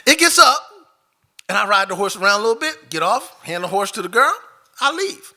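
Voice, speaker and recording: A man telling a personal story live on stage into a microphone, animated, swinging from loud outbursts to hushed moments. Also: high voice, a little fast. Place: stage before an audience.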